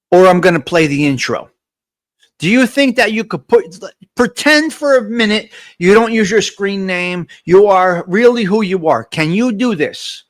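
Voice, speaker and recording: A high-voiced man hosts a live morning coffee stream and talks straight to his viewers, repeating his points in a motivational tone. He reads out the names and answers of people in the chat. He is close on the mic and sounds dry, with no room around him. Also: dry recording. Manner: motivational, repetitive, addresses viewers directly. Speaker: livestream host. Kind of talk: casual live morning chat, reading chat comments.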